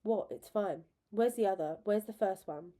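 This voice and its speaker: A young woman clings to her lover, her voice soft and shaken with feeling, as a woman reads her part aloud. The tone is mellow and darkish, at a middle pitch. It is a storybook read aloud. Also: moderate pace, close to an everyday voice. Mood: frightened. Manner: soft, emotional. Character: young woman, loving, frightened, fading.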